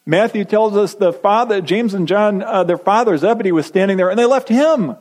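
A man's voice: sits high, moderate pace, darkish tone, low-quality recording. Man preaching with emphatic repetition. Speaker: pastor. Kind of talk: sermon.

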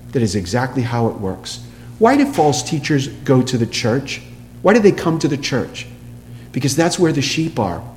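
A man delivers a sermon in a large room, and his voice trails off in a long reverb. A faint hum runs underneath. He speaks emphatically and asks the congregation rhetorical questions, then drops to a hush for quoted lines. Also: medium pitch. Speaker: preacher.

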